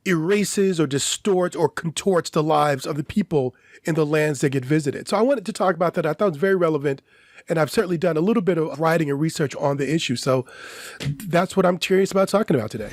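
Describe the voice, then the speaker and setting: A man co-hosting a podcast, his voice a touch high and delivered close to a dry microphone. He talks in a measured, lecturing way, building his argument through strings of questions. His style is that of academic discussion. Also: no room sound. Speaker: podcast co-host.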